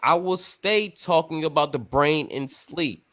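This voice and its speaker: A man holding forth on a casual talk show, rambling and emphatic with a loose tongue. He speaks in a slightly raised register and lets his words stretch out slowly. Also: a little high, a bit bright. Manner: rambling, emphatic, swears freely. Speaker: podcast host. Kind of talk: casual chat.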